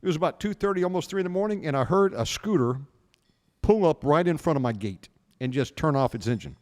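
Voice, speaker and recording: Middle-aged American radio host, spins animated anecdotes; higher pitch, reverberant sound. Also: male voice, quick pace. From United States. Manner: animated anecdote teller, acts out dialogue. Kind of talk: casual storytelling chat.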